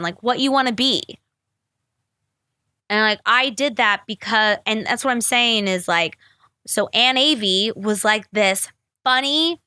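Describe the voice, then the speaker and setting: A young woman talks through her feelings on a podcast, rambling, confessional and quick to swear. Her voice is bright and forward, recorded dry and close with no room around it. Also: fairly high pitch, dry recording. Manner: rambling, profane, emotional and confessional. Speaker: podcast host. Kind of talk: candid solo podcast talk.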